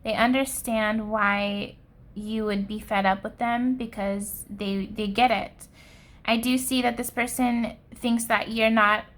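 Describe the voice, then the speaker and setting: A woman giving a pick-a-card tarot reading with a slow, soft and earnest delivery. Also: medium pitch. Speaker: tarot reader.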